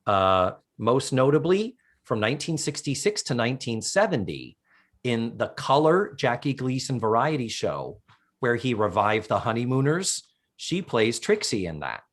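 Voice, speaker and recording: Lively male podcast co-host, casual recapper, swings his voice widely. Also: medium pitch, normal speed. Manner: animated storyteller, swears casually.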